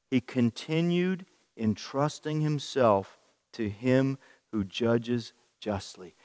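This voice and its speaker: A man preaching a sermon to a congregation, emphatic and rising in pitch to stress his points as he reads scripture aloud. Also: a little mellow, clean studio sound. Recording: long reverb in a hall.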